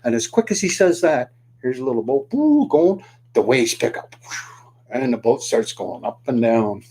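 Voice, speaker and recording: Animated man telling a folksy tale. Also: medium pitch, moderate pace, slightly rough. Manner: animated, asks the listener questions; folds a paper boat while talking. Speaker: storyteller. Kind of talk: oral storytelling to the camera.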